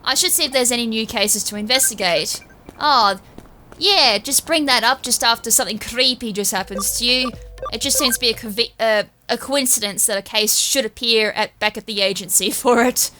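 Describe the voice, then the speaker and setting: A woman's voice: a little high, moderate pace, sharp tone, a little hiss or hum. A woman, chatting through a video game playthrough in a rambling, self-correcting way. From Australia. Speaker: gaming streamer. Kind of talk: let's-play commentary.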